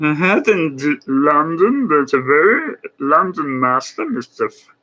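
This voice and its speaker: A man putting on the voice of an old German chess master with a German accent, reading a quote in a halting way. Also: a little high, big pitch swings, pushed and bright, pitched above the performer's own voice, full character voice. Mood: solemn. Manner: halting, put-on voice he abandons.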